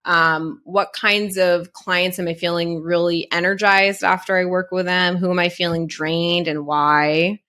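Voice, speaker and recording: A woman's voice: fairly low pitch, flat delivery, measured pace, few pauses, pushed and bright. A woman guest on a podcast, talking earnestly and reflectively, asking herself questions aloud. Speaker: podcast guest, Pilates business coach. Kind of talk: casual conversation.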